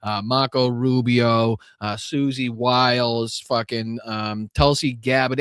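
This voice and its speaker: A man's voice: mid-range voice, fairly bright tone, clear, resonant tone, no echo, studio quality. A man with a Boston accent hosting a live political podcast, talking bluntly and profanely with lots of fillers and restarts.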